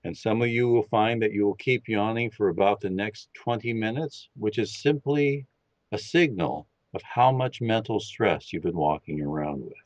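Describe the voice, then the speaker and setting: Guy talking you thru a meditation, slow n calm, kinda low voice, dry muffled audio. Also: no room sound. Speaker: podcast guest leading a meditation. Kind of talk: guided meditation instruction. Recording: dull lo-fi, dry sound.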